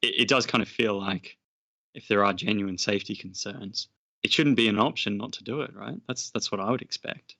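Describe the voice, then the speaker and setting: A man's voice: lowish voice, a little fast, vocal fry, bright, forceful tone. A man co-hosting a podcast, reacting briefly and asking questions in casual chat. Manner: attentive listener with short reactions and questions. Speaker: podcast co-host.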